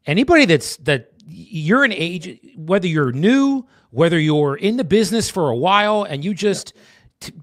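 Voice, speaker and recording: A man's voice: mid-range voice, no echo, studio quality. A man from New Jersey co-hosting a casual real estate chat, rambling and restarting his sentences, calling his partner brother. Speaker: real estate agent, co-host.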